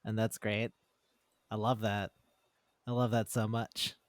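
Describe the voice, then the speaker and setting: Excitable swearing man, dry close sound. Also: lowish voice, a little slow, no echo. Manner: excitable, swears freely, acts out characters' lines. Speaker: podcast co-host. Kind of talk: casual chat reviewing manga.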